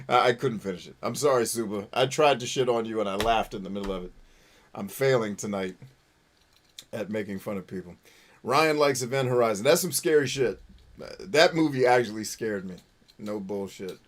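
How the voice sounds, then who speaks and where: A man's voice: fairly low pitch, normal speed. Foul-mouthed joking man streaming a game. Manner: profane, joking, self-mocking. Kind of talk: live gameplay commentary reading chat.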